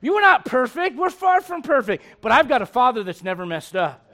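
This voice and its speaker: A middle-aged male pastor preaching a sermon in a humorous, conversational way, swinging from loud bursts to hushed lines. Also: very high voice, very animated, a little fast.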